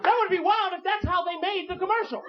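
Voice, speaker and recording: A man doing a stand-up comedy routine on stage, animated and full of asides. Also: very high voice, quick pace, background noise. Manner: animated, jumps into character voices. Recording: dull old tape, loud laughing audience.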